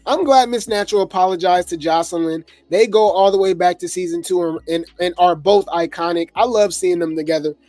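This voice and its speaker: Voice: medium pitch, brisk, few pauses, a little mellow, no room sound. A laid-back gossip host rambles through reality TV commentary, drifting between thoughts with plenty of fillers and easy chuckles. The voice is close and dry, with faint music underneath.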